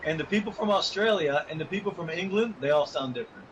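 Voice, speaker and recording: A man's voice: on the high side, lively intonation, fast talker, lo-fi sound. A young man streaming a game, chatting casually over voice chat, easygoing and hesitant, with many fillers. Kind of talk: casual voice chat while gaming. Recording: noisy voice-chat line.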